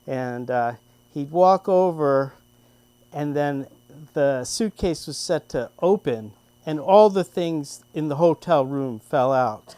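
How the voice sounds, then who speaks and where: An older man at a comedy open mic, telling a long personal story in a halting, self-deprecating way with lots of restarts. His voice sits a bit high for a man and sounds close and dry. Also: lively intonation, mellow, no echo. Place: comedy club stage.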